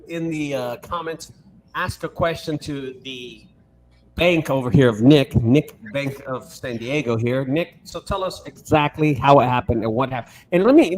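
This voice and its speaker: Joking, animated man hosting. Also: on the high side, slight background noise. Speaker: host. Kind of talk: casual video call chat.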